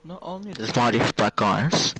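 A man's voice: medium pitch, very animated, normal speed, fairly bright tone, rough recording. A man playing a shooter with a friend, joking around and playfully threatening in casual banter. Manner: playful, mock-threatening, laughing. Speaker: teammate.

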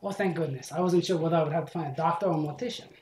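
A man's voice: on the high side, rapid-fire, a little mellow, a little hiss or hum, lightly acted. A man voicing a friendly, easygoing fisher bird in a game, helpful and talkative. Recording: echoey room.

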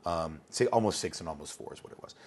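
A man's voice: deep voice, fast talker, darkish tone, slight background noise. A man being interviewed as an educator, talking conversationally and telling anecdotes, often repeating words as he starts a thought.

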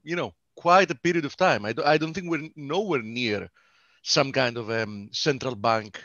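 A man from Greece giving measured market opinions as co-host on a webinar. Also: medium pitch, sharp tone, no echo. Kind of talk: casual market commentary. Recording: dull, dry webinar audio.

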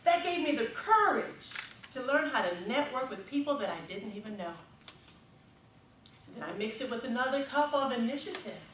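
Middle-aged woman, speech contest speaker with an animated voice, heard from a distance in a hall. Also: on the high side, a little hiss or hum. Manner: expressive storytelling with dramatic pauses. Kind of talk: prepared public speech. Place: stage in a large hall.

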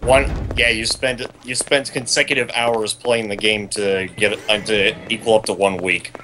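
A man's voice: lowish voice, level tone, moderate pace, background noise. A man gaming with friends over voice chat, bantering wryly and grumbling about the game. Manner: wry, complaining banter. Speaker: player.

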